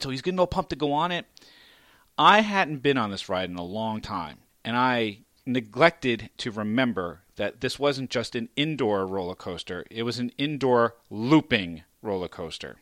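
A middle-aged man co-hosting a casual comedy podcast, telling family stories and acting out quotes with sudden loud jumps. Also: normal speed, no room sound, studio quality. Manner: animated, acts out quotes with big pitch jumps. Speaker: podcast co-host.

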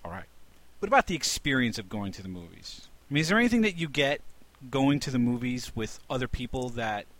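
A man hosting a casual podcast chat, animated and profane, who keeps asking the others what they think. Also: mid-range voice, a little fast, no room sound.

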